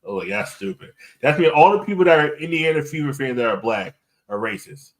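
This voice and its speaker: A man's voice: a little high, big pitch swings, a little fast. A man hosting a podcast in loose, rambling casual chat, often swearing. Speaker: podcast host.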